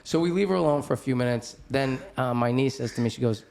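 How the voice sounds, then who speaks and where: A man's voice: fast, vocal fry, few pauses. A middle-aged man hosting a podcast, telling a story in casual chat, swearing often, laughing as he talks and acting out other people's voices. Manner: profane, animated, laughing storyteller; acts out other people's voices with big pitch jumps. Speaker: podcast host.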